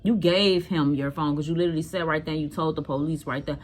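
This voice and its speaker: Mother on camera, low-pitched, scolding and emphatic, talks straight to viewers. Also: quick pace, a little hiss or hum. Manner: animated, emphatic, addresses viewers directly; blunt and scolding. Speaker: vlogger telling a personal story. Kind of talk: casual storytelling to viewers.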